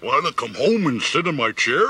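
An actor playing a sneaky, greedy, dim-witted male weasel in an animated film, with bouncy, exaggerated delivery that jumps into high shouts. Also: moderate pace, recorded from a distance, noisy background, close to an everyday voice. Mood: flustered. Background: loud music.

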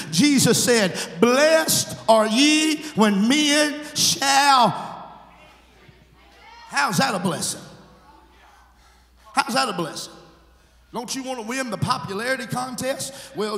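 Evangelist, male, very high gravelly voice, sing-song fervent delivery breaking into shouts; big echoey church hall. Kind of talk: Pentecostal-style preaching. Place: large church sanctuary.

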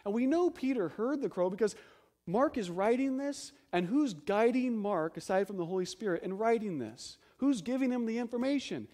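A pastor delivering a sermon with a high, bright-pitched voice. He preaches emphatically and keeps asking rhetorical questions. He drops into hushed low phrases between loud stresses. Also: sing-song, moderate pace.

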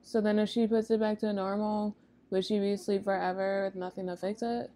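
A woman co-hosting a reaction video, chatting excitedly as she watches. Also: mid-range voice, fairly quick, noisy background. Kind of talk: casual reaction chat.

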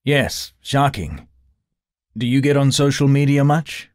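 A man's voice: medium pitch, animated, a little slow, a little mellow, dry recording, clean studio sound, voice pushed up, close to an everyday voice. A man doing Kyle, a wisecracking ex-cop detective. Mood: wry. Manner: joking, prodding.

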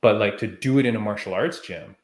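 Guy on a podcast getting worked up telling a story, lowish voice, kinda echoey room. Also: a little fast. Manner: animated, heated storytelling. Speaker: podcast co-host. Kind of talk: casual chat.

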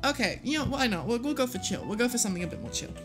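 A young woman livestreaming a video game, excitable, gasping and swearing as she plays. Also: fairly high pitch, very fast, music in the background. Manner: excitable, swears and gasps, lively. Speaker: streamer. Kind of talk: live game stream commentary.

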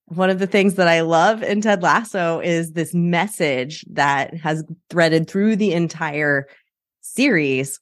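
A woman hosting a solo podcast, talking in a chatty, animated way and laughing often. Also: on the low side, slow pace, no echo, studio quality. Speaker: podcast host. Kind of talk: casual solo podcast talk.

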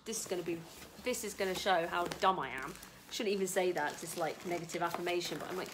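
A woman chatting excitedly at home on a casual live stream, swearing now and then. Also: fairly low pitch, quick pace, noisy background. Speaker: vlogger.

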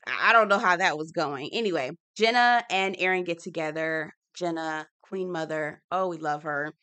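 Woman, slangy and opinionated, bright tone, lowish pitch, casual TV recap. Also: a little slow. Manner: chatty and opinionated, slangy, acts out quotes. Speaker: TV recap host. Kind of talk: casual reality-TV recap commentary.

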